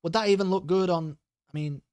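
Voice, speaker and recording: A man's voice: high-pitched, fairly quick, darkish tone. A man chatting casually with his stream audience, rambling, joking and swearing freely.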